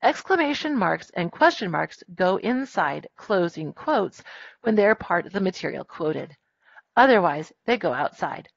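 Woman teacher w/ a gravelly voice, brisk and firm, dull lo-fi recording. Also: lowish voice, big pitch swings, no room sound. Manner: brisk, firm with students, dictates punctuation aloud. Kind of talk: classroom grammar lesson. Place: classroom.

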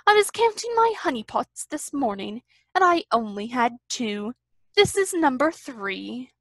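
Woman doing a gentle cheerful teddy bear. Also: high-pitched, sing-song, unhurried, dry recording, exaggerated voice. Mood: kindly.

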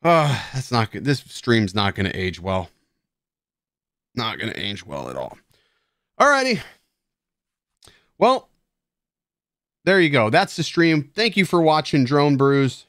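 A man's voice: mid-range voice, big pitch swings, a little slow, a bit bright, no echo, clean studio sound. A man hosting a live stream, chatting casually and rambling with self-mocking banter toward his viewers, tipsy and playful. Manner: tipsy and playful while drinking beer. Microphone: headset at a streaming desk.

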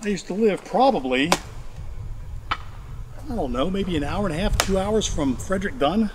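Chatty beekeeper man, slightly high voice. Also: expressive, normal speed. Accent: mixed Georgia and Ohio. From Ohio. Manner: chatty, thinking aloud, self-mocking. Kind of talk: casual narration while working hives. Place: outdoors among beehives. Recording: noisy outdoor recording with bee buzz. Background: buzzing bees and outdoor ambience.

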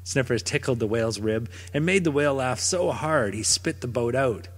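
A man reading a children's picture book aloud in a gentle, expressive storytelling manner. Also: mid-range voice, normal speed, slightly rough. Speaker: storybook narrator. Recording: long reverb.

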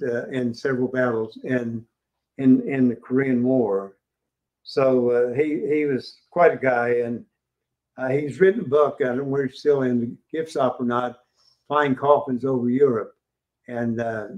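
In a museum, an older West Virginian man gives a loose history lecture, hesitating often with fillers and restarts. His voice sits at a medium pitch and sounds slightly mellow, with the high frequencies cut off.

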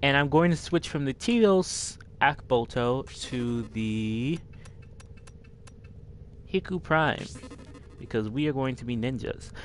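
A man's voice: mid-range voice, slow pace, long pauses, a little hiss or hum. A man hosting a casual game walkthrough, rambling and poking fun at himself. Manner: rambling, self-deprecating. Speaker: gaming video host.

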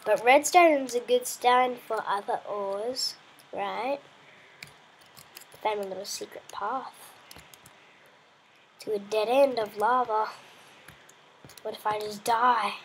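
A woman with a high voice chats her way through a survival game at an unhurried pace. Her commentary rambles playfully, and she coaxes the animals on screen as if they could hear her. It is the easy, offhand talk of someone hosting her own gameplay channel. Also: a little hiss or hum. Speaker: let's play host.

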